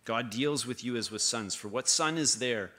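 A man's voice: medium pitch, normal speed, pushed and bright. A man preaching a sermon this morning, reading verses and breaking off for casual asides and corrections. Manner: conversational preaching, reading scripture with restarts and asides.

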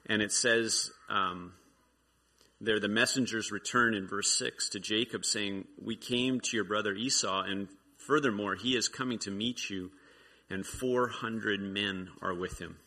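A man's voice: fairly low pitch, fairly even intonation, a little slow, pushed and bright. A man giving an informal sermon, reading scripture and reflecting aloud in a conversational way. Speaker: preacher.

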